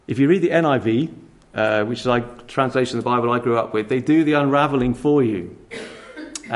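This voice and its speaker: A man preaching a sermon in a church, animated, acting out quick dialogues and chuckling at his own jokes. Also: mid-range voice.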